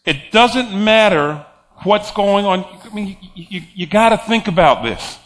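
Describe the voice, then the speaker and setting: High-voiced emphatic male preacher. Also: expressive, measured pace, fairly bright tone. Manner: emphatic, repeats phrases, chuckles often. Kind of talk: sermon.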